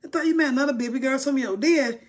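A woman hosts a casual livestream with a slightly high-pitched voice. She chats freely, reads out viewer comments, and talks with informal dialect grammar. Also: rapid-fire. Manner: chatty, dramatic mock-crying over likes. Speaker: livestream host.

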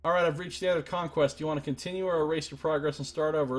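A man's voice: fairly high pitch, fairly even intonation, rapid-fire, soft background music. A man streaming a video game, chatting casually with viewers and reading the game's text aloud, self-deprecating and talkative. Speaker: Let's Play streamer.

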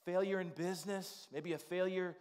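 A man's voice: high voice, fairly even intonation, normal speed, a little mellow. A male pastor delivering an informal, conversational sermon in a church sanctuary, full of "you know" asides.

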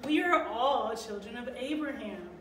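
A woman gently explaining a Bible lesson to children as a guest on a program. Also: a little high, lively intonation, moderate pace. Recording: roomy and distant with background noise.

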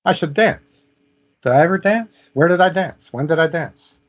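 A man's voice: fairly high pitch, animated, normal speed. A man quoting a dazed young woman who wonders aloud as if speaking to an audience, on muffled lo-fi audio. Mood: lost, searching. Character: dazed young woman lost in her own thoughts.

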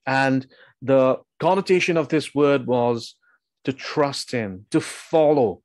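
A man's voice: medium pitch, slow pace, a little mellow, no echo. A man preaching a sermon, earnest and emphatic, asking his listeners pointed questions.

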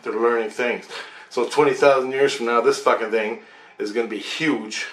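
A man's voice: mid-range voice, fairly even intonation, normal speed. A man with a mid-range voice rambles through a story, swearing freely and breaking into laughter as he goes. His voice rings in an echoey room. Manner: rambling, profane, laughs often while telling. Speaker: channel host telling a story. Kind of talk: casual storytelling monologue. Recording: roomy echo.

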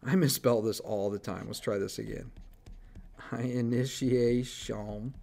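A man's voice: lowish voice, fairly quick, vocal fry, darkish tone. A man teaching biology in a recorded screencast lecture, talking casually as he draws on slides and corrects his own slips.

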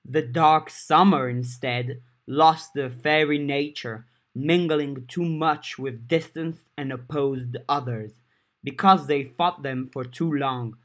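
A proud, stately fairy man of the summer court, as a male reader puts him on. He speaks slowly and grandly, lingering over every phrase. His voice is steady and mid-pitched. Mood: grandiose. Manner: slow, grand and theatrical. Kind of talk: audiobook character voice.

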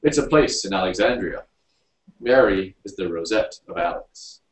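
A worldly companion shares gossip in a confiding, matter-of-fact tone, only a little above the reader's usual low voice, as a man puts him on. The recording is distant and echoey. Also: lively intonation, moderate pace. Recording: roomy, distant mic.

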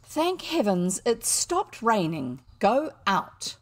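Woman reading a grumpy dad, curt, firm, slow, New Zealand accent. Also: on the high side, sing-song, no echo, studio quality, exaggerated voice. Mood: irritable. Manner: curt, irritable. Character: irritable middle-aged father reading the paper.

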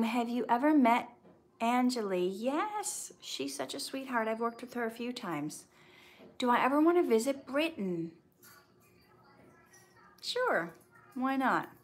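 An actress hosting a casual live stream, reading viewer questions aloud and answering in a chatty, candid way. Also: female voice, mid-range voice.

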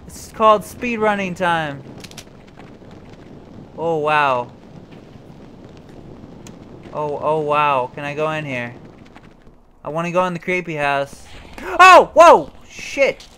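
A man's voice: a little high, takes it slowly, pauses often, pushed and bright, a little hiss or hum. Jumpy, cussing young-sounding man playing a game. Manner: jumpy, swearing, talks to himself, yelps when startled. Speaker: gameplay commentator. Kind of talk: let's play commentary.

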